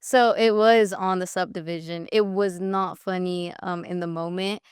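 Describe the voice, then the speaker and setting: A woman's voice: fairly low pitch, steady tone, moderate pace, smooth, no echo, studio quality. A young woman talking with her father in a casual interview, telling stories in a chatty way and acting out what people said. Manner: chatty storyteller, acts out quotes, laughs often. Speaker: guest, daughter of the host.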